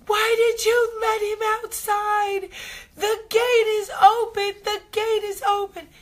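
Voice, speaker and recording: Hysterical young girl, crying, accusing, shrill; mother acting her out. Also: level tone, takes it slowly. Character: hysterical crying nine-year-old girl, furious.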